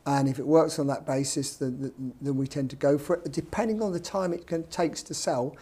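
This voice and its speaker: British guy talking property, blunt, bit higher voice, dry jokes. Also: fairly quick, warm tone, husky. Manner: blunt, anecdotal, wry asides. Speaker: property developer guest. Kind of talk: casual podcast chat.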